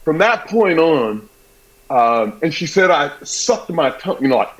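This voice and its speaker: A man hosting a sports talk show, chatting in an animated, fast way and sharing a childhood story. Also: fairly high pitch. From Southern US. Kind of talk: casual talk show chat. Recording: dull, lo-fi sound.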